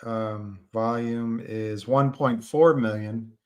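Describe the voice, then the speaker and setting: Slow-talking guy on a stock livestream, lots of ums, gets worked up over short sellers. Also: mid-range voice, fairly even intonation, darkish tone. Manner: rambling, hesitant, with many fillers and restarts; emphatic and indignant about short sellers. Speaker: stock-market livestream host. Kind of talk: casual livestream chat reading viewer comments.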